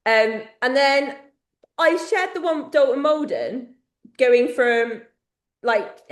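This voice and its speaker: High-pitched woman from England, podcast co-host, chatty, laughs a lot. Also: steady tone, moderate pace, roomy sound. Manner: chatty storyteller, laughs often. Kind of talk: casual chat.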